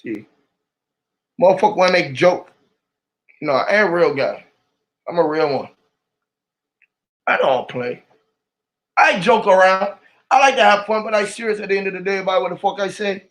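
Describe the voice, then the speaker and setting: A man talking to camera in a rambling, emotional monologue, swearing often and swinging between loud outbursts and low mutters. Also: normal speed, pauses often. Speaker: vlogger.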